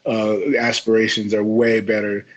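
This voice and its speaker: A joking, laid-back man with a Chicago accent hosting a radio music show. His voice is husky and slightly breathy at a middling pitch, and he talks in an easy, unhurried way. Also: little pitch movement, muffled recording. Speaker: radio host. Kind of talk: casual music talk.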